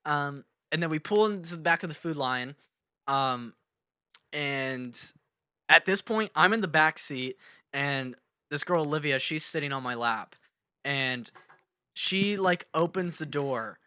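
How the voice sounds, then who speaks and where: A young man co-hosting a podcast, telling a story in a casual, animated way and acting out quoted shouts. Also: on the high side, measured pace, dry recording, studio quality. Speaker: podcast co-host.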